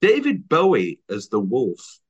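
A man's voice: medium pitch, wildly swooping pitch, unhurried, breathy edge, muffled recording. A man co-hosting a podcast in casual, joking chat, laughing often. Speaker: podcast co-host.

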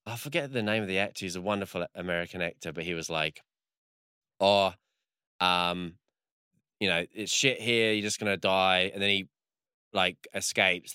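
A man's voice: low voice, pushed and bright, smooth, no echo, clean studio sound. A man in casual chat, rambling through a story with lots of fillers and swearing.

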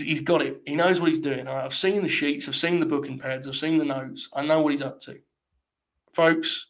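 Young man, live stream host, mock-solemn rambling commentary, swearing, slightly high voice. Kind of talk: casual live watch-along commentary.

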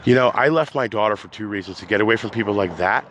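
A man hosting his own podcast, ranting unscripted, agitated and rambling, swinging between loud outbursts and low mutters. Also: fast talker, slight background noise. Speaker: podcast host. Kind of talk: unscripted rant.

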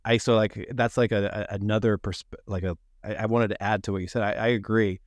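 Chatty, quick-talking man host. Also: lowish voice, dry recording. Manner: quick, relaxed, chatty, heavy use of "like". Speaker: podcast host. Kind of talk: casual conversational interview.

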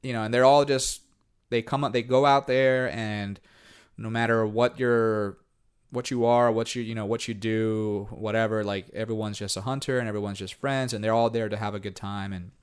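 A man's voice: lowish voice, fairly even intonation, normal speed, clean tone. A man with a Puerto Rican accent, born in New York and raised in Puerto Rico, chatting casually and switching between English and Spanish, full of fillers. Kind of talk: casual bilingual chat.

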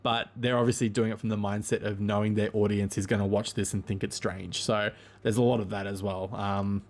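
Easygoing low-voiced man rambling casually. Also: level tone, a little fast. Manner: rambling, frequent ums and self-corrections. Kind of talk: casual monologue.

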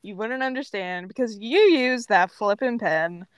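A woman's voice: mid-range voice, expressive, unhurried, clean tone, no room sound, lightly acted. A woman voicing a cocky, teasing female skeleton with a snarky, mocking manner in a narrated role-play story. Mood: smug teasing.

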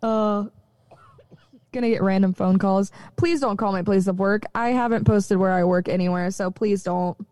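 Laughy chatty woman, mellow tone, dry close sound. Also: medium pitch, normal speed, dry recording. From rural area. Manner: chatty, laughs often, animated. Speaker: podcast co-host. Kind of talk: casual chat.

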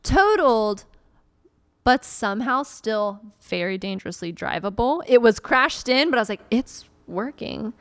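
A young woman casually telling a story in a chat, animated and acting out her own reactions. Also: on the high side, moderate pace, clean tone, no room sound.

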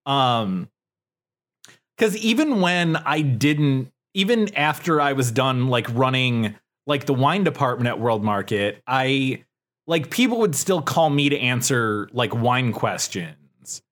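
A man's voice: mid-range voice, very animated, slow pace, fairly bright tone. A young man co-hosting a casual chat podcast, telling a story in a rambling way with many fillers and swears. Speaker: podcast co-host.

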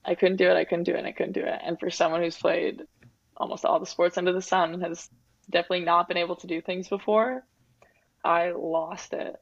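A woman's voice: on the low side, flat delivery, a little fast, gravelly, no echo. A woman in her twenties, a guest athlete talking openly and reflectively in an interview, with lots of "like" and "um". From Winnipeg, Canada. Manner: reflective, open, heavy use of "like" and "um". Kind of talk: candid interview talk. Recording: dull, dry lo-fi recording.

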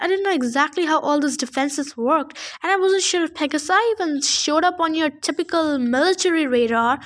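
A woman's voice: high-pitched, a bit bright. A woman reading a novel aloud casually, adding her own chatty asides. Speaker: reader. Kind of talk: casual audiobook fan reading.

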